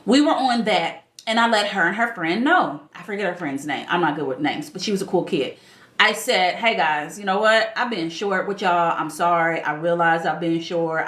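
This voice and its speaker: A woman's voice: on the low side, fairly bright tone, reverberant. A woman in her forties, a life coach, talking candidly to camera in a casual vlog, emphatic and fond of rhetorical questions. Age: 40s.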